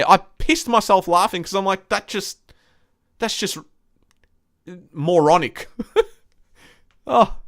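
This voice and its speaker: A man's voice: fairly high pitch, a bit bright, clean tone, no echo, clean studio sound. A young man hosting a live stream, reading viewer comments and ranting bluntly with lots of swearing. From Australia. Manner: blunt, swears a lot, frustrated.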